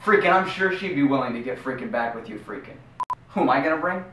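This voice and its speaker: A man voicing a dim, bragging teenage quarterback who talks brashly and keeps saying "freaking", for an animated web series. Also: medium pitch, fast, recorded from a distance, lightly acted. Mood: scheming. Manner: brash, peppers every line with "freaking". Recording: roomy echo, mic set back, faint hiss.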